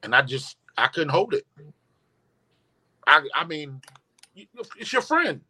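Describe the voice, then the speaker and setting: Animated man, bright voice. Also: fairly high pitch, unhurried, breathy edge. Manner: animated, emphatic, profane storytelling. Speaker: guest. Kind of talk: storytelling in casual conversation.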